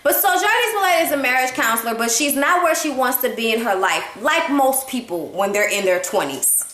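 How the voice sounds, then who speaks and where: A woman's voice: high voice, a little fast. A woman giving a casual, blunt and profane movie review at home, chatting with a partner. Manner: blunt, profane, animated storytelling. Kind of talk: casual chat. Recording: echoey room.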